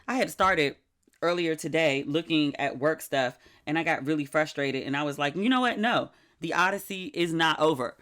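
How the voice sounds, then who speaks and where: A middle-aged woman hosting her own podcast in casual solo chat, candid and chatty, acting out her friends' lines in lively voices. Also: sits low. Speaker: podcast host.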